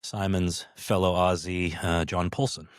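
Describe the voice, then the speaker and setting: A man's voice: low voice, level tone, a little slow, smooth, dry recording, studio quality. A middle-aged man co-hosting a podcast, telling stories in a casual chat with many fillers and restarts. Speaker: podcast co-host, former cast member.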